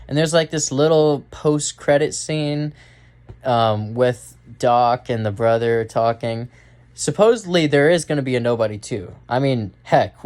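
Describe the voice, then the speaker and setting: A man's voice: medium pitch, darkish tone. A young man giving a casual, rambling movie review, full of fillers and restarts. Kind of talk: casual spoken film review.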